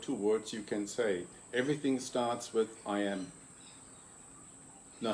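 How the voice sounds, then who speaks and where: Calm man explaining step by step. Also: mid-range voice, a little hiss or hum. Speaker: host and consciousness coach. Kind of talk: reflective interview talk.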